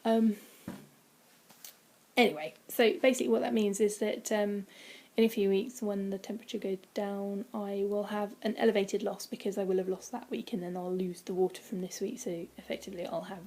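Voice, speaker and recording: A woman chatting casually from home in a vlog, rambling with many ums and dropping into quiet, breathy asides. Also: medium pitch, fairly even intonation, brisk, a little hiss or hum. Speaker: vlogger. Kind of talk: casual weight-loss vlog. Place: indoors at home, by a window.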